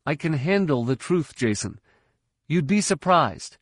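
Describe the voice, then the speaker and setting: A man's voice: big pitch swings, no echo, studio quality. A man doing eager young Ben Skywalker. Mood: earnest. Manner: higher, brighter, quick questions. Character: eager teenage boy apprentice, earnest.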